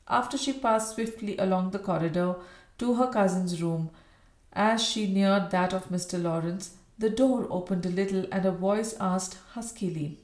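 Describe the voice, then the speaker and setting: A woman narrating a Victorian novel in a measured, even way. Her voice sits at a middle pitch. The recording carries a roomy echo. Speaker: audiobook narrator.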